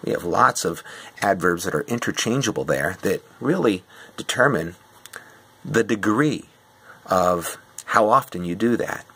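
Middle-aged teacher, deep voice, bright and a little husky, walking a class through answers. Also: male voice, animated. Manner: slow and patient, explaining step by step. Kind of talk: classroom quiz review.

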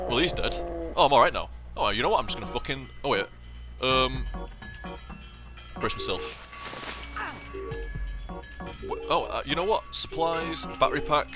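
A man's voice: mid-range voice, big pitch swings, normal speed, pauses often, music in the background. A young man commentating a let's play and reading game text aloud, with a sweary, rambling way of talking. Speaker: gameplay commentator.

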